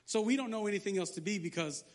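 A man pastor preaching a lively sermon, joking and sarcastic between scripture readings. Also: high voice, quick pace.

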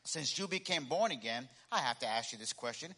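Guy preaching in a church, bright sharp voice, big hall echo, keeps repeating his points. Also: mid-range voice, animated, fairly quick, slightly rough. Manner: emphatic, repeats key phrases, calls for congregation responses. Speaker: pastor. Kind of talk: sermon. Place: church sanctuary.

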